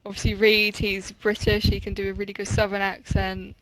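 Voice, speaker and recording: A woman's voice: mid-range voice, monotone, a little fast, a bit bright, no room sound, rough recording. A woman chatting enthusiastically as a guest on a gaming podcast. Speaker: server owner, podcast guest. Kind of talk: casual chat.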